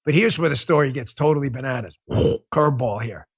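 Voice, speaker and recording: A man's voice: mid-range voice, fairly quick, husky. A man hosting a livestreamed political commentary show, talking in a combative, sarcastic rant. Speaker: political talk show host.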